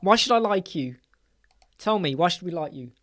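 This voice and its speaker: A man's voice: high-pitched, lively intonation, moderate pace, fairly bright tone. Blunt male live-stream host, emphatic, rhetorical questions. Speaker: web design channel host. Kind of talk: live stream chat to viewers. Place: small dark soundproofed room.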